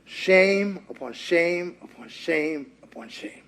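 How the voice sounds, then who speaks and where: A man preaching a sermon, retelling a story in a lively conversational way and acting out the characters' lines. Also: fairly high pitch, slow pace. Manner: acts out quotes in character voices, lively and conversational. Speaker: pastor.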